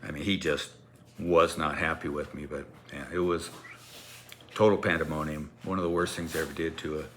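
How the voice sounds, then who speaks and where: A male teacher telling a funny anecdote in a casual, animated way, laughing often and acting out the kids' voices. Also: extremely low pitch, fairly quick, a little hiss or hum.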